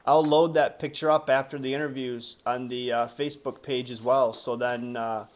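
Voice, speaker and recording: A man hosting a casual interview who asks questions in a relaxed, friendly way. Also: medium pitch, normal speed, a little hiss or hum. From United States. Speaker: interview host.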